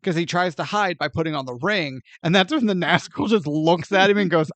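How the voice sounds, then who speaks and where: A man co-hosting a podcast, chatting casually about a movie in an animated, joking way. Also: high-pitched, a little fast, no room sound. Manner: animated and joking, often laughs and acts out scenes. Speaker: podcast co-host. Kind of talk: casual movie review chat.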